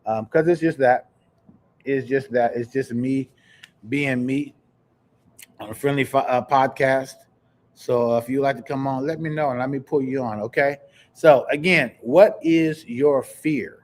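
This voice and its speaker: A man from Kansas hosting a live podcast, telling stories in an animated, chatty way and talking straight to his viewers. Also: medium pitch, a little slow. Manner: animated storyteller, chatty, addresses viewers directly. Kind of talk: casual live-stream chat.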